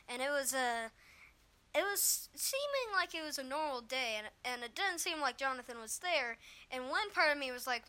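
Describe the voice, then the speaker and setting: Girl ranting about school bullies in a storytime vlog, high bright voice, a bit hoarse, lots of ums. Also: animated, normal speed. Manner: rambling, exasperated, lots of fillers. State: slightly hoarse after illness. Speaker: vlogger.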